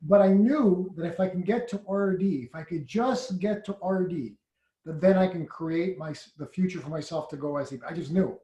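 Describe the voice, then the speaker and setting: Brief: male business leader, chatty interview, lively and excitable, roomy echo on the sound. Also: high-pitched, normal speed, highs cut off. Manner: animated storyteller, laughs and gets loud when excited. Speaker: senior network marketing leader. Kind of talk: conversational interview.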